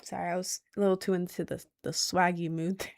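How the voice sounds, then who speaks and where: A woman's voice: lowish voice, flat delivery, fast talker, vocal fry. A young woman streaming and reading her chat, giggly and rambling, full of slang and self-conscious asides. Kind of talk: casual live-stream chat.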